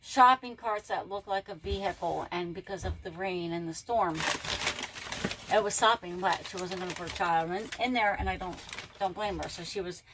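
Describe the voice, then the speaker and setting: A woman's voice: on the low side, normal speed. A woman reseller chatting casually and telling rambling stories while she packs orders. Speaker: reseller vlogger. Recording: loud background noise.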